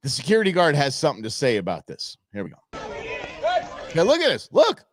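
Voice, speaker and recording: A man hosting a show, giving playful, animated commentary over viral videos and talking back at the footage. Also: fairly high pitch, a little fast, dry recording, clean studio sound, a faint crowd. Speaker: show host.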